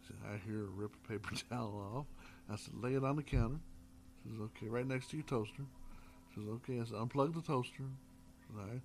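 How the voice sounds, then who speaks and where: Folksy man telling ghost stories. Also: mid-range voice. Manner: folksy, drawn-out anecdotes with hesitations. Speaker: paranormal investigator guest. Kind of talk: casual storytelling.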